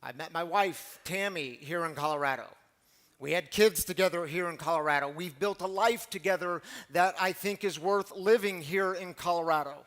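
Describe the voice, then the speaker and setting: A man in his forties preaches in a relaxed, conversational way, telling personal stories and turning to the congregation with questions. His voice sits fairly high for a man, and his delivery stays lively and animated. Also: normal speed. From Missouri. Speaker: pastor. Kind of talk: storytelling sermon.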